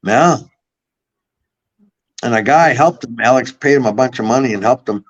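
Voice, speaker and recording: This man's voice is medium in pitch and normal in speed. A podcast guest from Buffalo, New York, he rambles through long casual stories and swears along the way, heard through slightly muffled audio.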